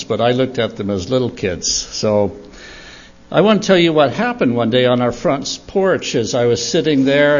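An older man giving a storytelling sermon for children at church, animated and chuckling as he tells it. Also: medium pitch, dull audio. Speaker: church speaker.

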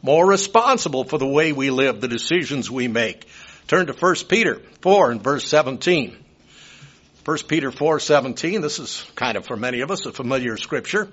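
A man's voice: medium pitch, animated, moderate pace, a bit bright, slightly rough. A man, preaching a sermon in a folksy, rambling way with personal asides. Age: 70s. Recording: dull lo-fi sound.

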